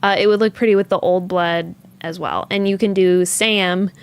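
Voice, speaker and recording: A woman's voice: on the low side, steady tone, normal speed, smooth. A woman hosting a yarn shop livestream, chatting casually, thinking aloud and answering viewer comments as she goes. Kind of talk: casual live-stream chat.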